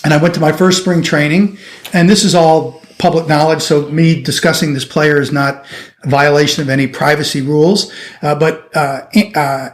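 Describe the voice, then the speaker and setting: A middle-aged surgeon from the United States telling a lively anecdote in an interview, acting out the people he quotes. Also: on the high side, normal speed. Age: 50s. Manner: animated anecdotal storytelling, acting out quoted voices. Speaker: orthopedic surgeon guest. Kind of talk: storytelling interview.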